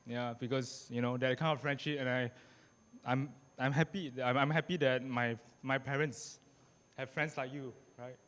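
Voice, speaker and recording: A young man giving a halting, emotional groom's speech at a beach wedding, restarting often and adding "right?" as he goes. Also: medium pitch, fairly even intonation, a bit bright, big-room sound. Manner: halting, many restarts and tag questions. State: tearful. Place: outdoor beach wedding venue.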